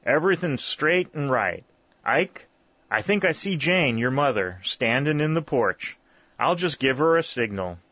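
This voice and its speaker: A man's voice: medium pitch, animated, measured pace, a bit bright, dry recording, pitched above the performer's own voice. A man reading voicing a hearty middle-aged backwoods mountain man who talks in a folksy, jovial drawl. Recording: dull, lo-fi dry recording.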